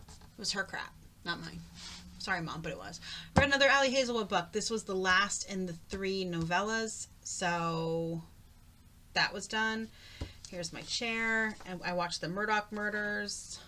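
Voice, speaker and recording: Woman, middle-aged, bright voice, chatty home vlog, rambling, faint background hiss. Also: medium pitch. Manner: chatty, rambling, goes off on tangents. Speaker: craft vlogger. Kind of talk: casual chat.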